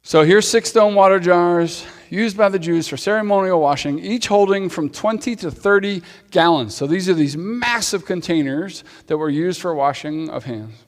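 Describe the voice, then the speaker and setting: A man's voice: high-pitched, normal speed, hardly any pauses. A man preaching a sermon as pastor, talking in a conversational way with playful asides to the congregation. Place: church sanctuary. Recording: long hall reverb.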